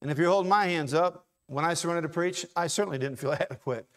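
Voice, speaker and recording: High-voiced preacher swinging loud to quiet. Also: male voice. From Ohio. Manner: swings from loud preaching to low, quick asides. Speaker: pastor. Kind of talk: sermon. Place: church sanctuary.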